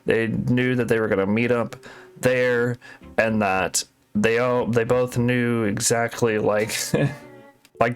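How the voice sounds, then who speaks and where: A man narrating commentary in a halting, rambling way with many fillers and restarts. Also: medium pitch.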